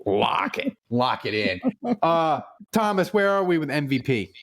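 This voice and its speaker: A man's voice: on the high side, very animated, unhurried, a bit bright. A man hosting a casual sports podcast, bantering and laughing a lot. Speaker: podcast host.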